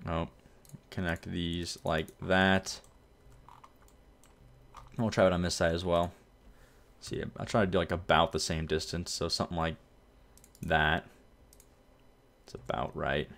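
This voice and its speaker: A man's voice: sits low, measured pace, creaky, long pauses. A man casually commenting while playing a city-building game, rambling and correcting himself as he goes. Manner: relaxed, rambling, self-correcting. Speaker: gameplay video host. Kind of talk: casual let's-play commentary.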